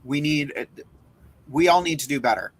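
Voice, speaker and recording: A man speaking as co-host in a casual panel chat, in a heartfelt and gentle way. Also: fairly high pitch, moderate pace, slightly rough.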